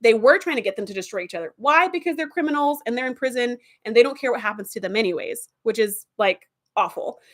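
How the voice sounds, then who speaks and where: A woman's voice: a little high, quick pace, hardly any pauses. A woman hosting a casual review video who retells TV episode plots with lots of fillers. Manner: animated plot retelling with many fillers. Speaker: video host.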